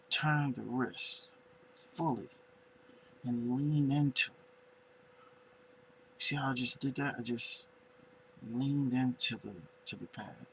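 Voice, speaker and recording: A man teaching finger drumming in a casual tutorial, unhurried and searching for words as he demonstrates on pads. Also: medium pitch, slight background noise, low-quality recording.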